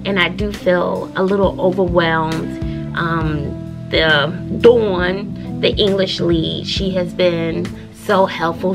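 A woman teacher with a Southern US accent, chatting in a casual vlog from her classroom, animated, with folksy asides. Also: on the low side. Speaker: teacher and vlogger. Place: classroom at school.

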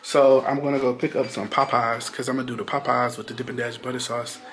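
A man's voice: medium pitch, flat delivery, fast, a bit bright, a little hiss or hum. A man chatting casually to viewers in a vlog, talking straight to them and exclaiming often. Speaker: vlogger. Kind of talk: casual vlog chat to camera.

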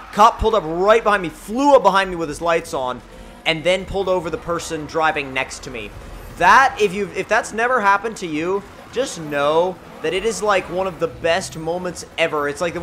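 A man giving excitable, jokey, rambling commentary while playing a racing game. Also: a little high, slight background noise. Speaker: gaming channel host. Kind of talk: gameplay commentary.

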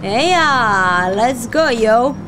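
A woman's voice: a little high, expressive, very slow, over music. A woman hosting a gaming channel, giving casual reaction commentary and exclaiming and swearing at the game. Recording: game sounds under voice.

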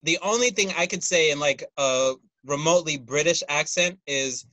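A man's voice: on the high side, normal speed, low-quality recording. A man chatting and laughing as a player in a trivia game over a video call. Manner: laughs often, animated banter. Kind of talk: casual group video call chat.

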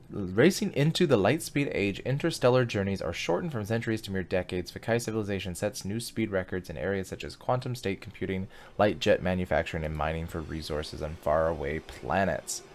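A man hosting a casual gaming video, chatting and reading game text aloud as he plays. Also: deep voice. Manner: chatty, reacts aloud and sings snatches of songs.

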